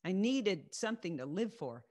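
A woman's voice: mid-range voice, big pitch swings, normal speed, warm tone. A woman leading a Christian teaching on a video call, sharing her testimony earnestly and repeating key phrases for emphasis. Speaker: faith group teacher.

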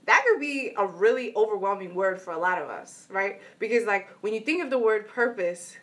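A woman's voice: mid-range voice, lively intonation, moderate pace, a bit bright. A woman vlogger giving an earnest motivational talk, telling a story and checking in with "right?" asides. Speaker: inspirational vlogger.

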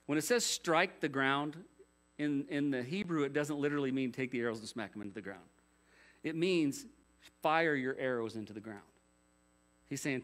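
A man's voice: a little high, normal speed, a bit bright. A man preaching a sermon as pastor, conversational, with rhetorical questions and jokey asides.

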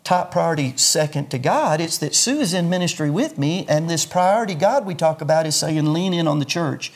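A man's voice: fairly high pitch, animated, a little fast. An older man, a pastor, explaining his views earnestly in a sermon-like way during an interview. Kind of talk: interview conversation.

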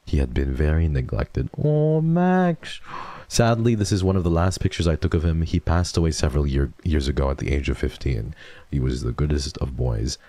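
Young male streamer, very low and warm, close dry mic, repetitive and affectionate. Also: a little fast, no room sound. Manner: rambling, repeats himself, soft and affectionate about dogs. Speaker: streamer host. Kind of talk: casual livestream chat.

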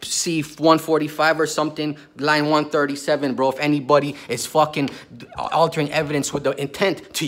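A man venting in a heated, profane rant to camera, accusing and repeating himself, often rising into yelling. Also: on the high side. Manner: rapid-fire, accusatory, grows into yelling. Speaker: vlogger.

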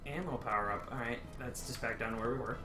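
A man's voice: mid-range voice, quick pace. A man playing a co-op video game, joking around, swearing often and laughing a lot. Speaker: co-op game player. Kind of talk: casual gaming chat with swearing. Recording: echoey room with game music behind.

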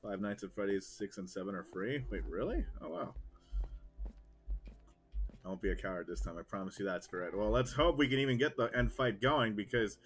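A young man giving excitable, jokey live commentary while streaming a game. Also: fairly low pitch, fairly quick.

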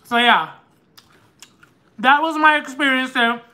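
A man hosting a live eating stream, telling a story in an animated, chatty, lightly sarcastic way. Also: very high voice, slow. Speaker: mukbang host. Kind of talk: casual storytelling while eating on a livestream.

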